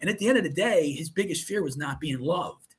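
Earnest and emotional, a middle-aged interview guest recounts a personal story and keeps quoting what others told him. His voice is a little high, expressive and slightly rough, and his pace is brisk.

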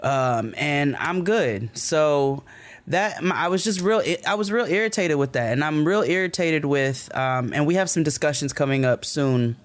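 Podcast co-host, American man with a slightly raised pitch, animated and profane, plays out every quote. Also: moderate pace. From United States. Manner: animated, profane storytelling that acts out quoted dialogue. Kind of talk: casual podcast storytelling.

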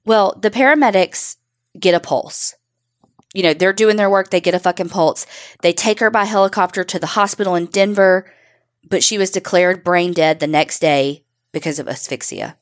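Woman storyteller host, lowish voice, blunt, cusses through the facts. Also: normal speed. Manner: blunt, swears while telling the case. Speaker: podcast co-host. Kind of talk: true crime storytelling.

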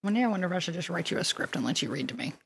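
A woman's voice: lowish voice, animated, very fast, vocal fry, husky. A woman from Mississippi with a Southern accent, co-hosting a casual chat podcast and telling stories in a self-deprecating, chatty way. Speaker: podcast co-host and storyteller.

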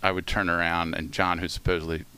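A man with a low voice and a bright, forceful edge to it tells a funny story. He laughs as he talks, fills his sentences with "uh" and "you know", and keeps checking that his listeners follow. The mood stays light and chatty. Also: little pitch movement, fast, clean tone. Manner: laughing, filler-heavy, often asks "you know what I mean". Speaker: former ballpark entertainer. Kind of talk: casual storytelling.

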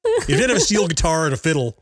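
A man chatting on a podcast in an animated, opinionated way, laughing often. His voice sits fairly high and moves a lot, and it is recorded dry and close. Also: very fast, no echo. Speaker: podcast co-host. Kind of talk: casual chat.

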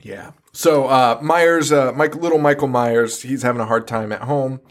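A man's voice: medium pitch, moderate pace. A young man co-hosting a horror podcast in casual chat, swearing freely and laughing often as he recaps scenes. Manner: profane, laughing, animated storytelling. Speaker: podcast co-host.

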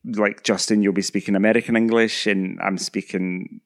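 A man with a fairly low voice chatting casually as a podcast co-host. He rambles a little, trails off and makes fun of himself. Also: flat delivery, normal speed. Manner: rambling, self-deprecating. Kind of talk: casual chat.

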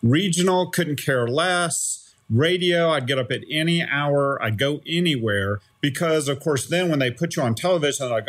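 A former startup chief, middle-aged and male, narrates a story during a spirited conversational interview, regularly checking in with "right?". His pitch is fairly high, his speed normal, and he rarely pauses.

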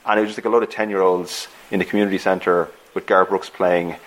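A man's voice: low-pitched, flat delivery, fast, a bit bright, poor audio. An Irish man hosting a podcast over a remote call, rambling through anecdotes and restarting sentences with "like". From Ireland. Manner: rambling storyteller, restarts often with "like". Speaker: podcast host. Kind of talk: casual chat.

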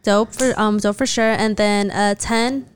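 Chatty Mexican-born young woman, smooth voice. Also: medium pitch, measured pace. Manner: animated, chatty, laughs often. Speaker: podcast guest. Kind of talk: casual chat.

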